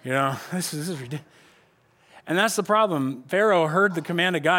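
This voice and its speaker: A male pastor preaching an animated, joking sermon and acting out voices. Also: on the high side, fast talker.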